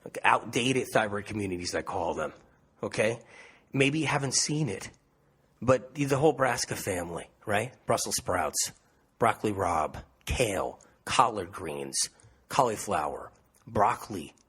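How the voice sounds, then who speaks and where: A man's voice: fairly low pitch, expressive, measured pace, a bit bright, breathy edge. A man presenting a health webinar, talking emphatically and repeating himself to press his points home. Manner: emphatic, repetitive, pleading. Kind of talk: impassioned webinar talk.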